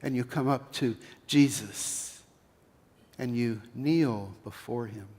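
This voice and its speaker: Slow-preaching pastor with a Pennsylvania accent. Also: male voice, mid-range voice. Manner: slow, guided-imagery storytelling that swells loud then drops to a hush. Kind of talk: sermon.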